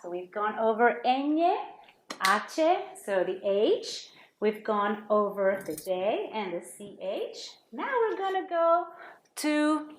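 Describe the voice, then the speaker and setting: A woman's voice: medium pitch, sing-song, takes it slowly, reverberant, slight background noise. A woman teaching a Spanish lesson to children, patiently sounding out words and repeating them for students to copy.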